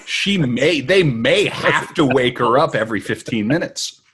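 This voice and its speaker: A man's voice: mid-range voice, lively intonation, unhurried, fairly bright tone, a little hiss or hum. A man hosting a podcast, chatting casually with dry, sarcastic jokes. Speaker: podcast host. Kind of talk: casual comedic chat.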